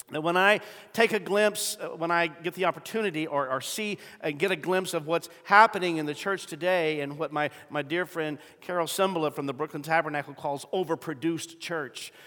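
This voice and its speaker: A middle-aged man preaching to a congregation, telling a story and building to loud emphatic peaks, with frequent throat clearing. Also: a little high. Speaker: pastor. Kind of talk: sermon. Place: large church sanctuary. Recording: long reverb of a large hall.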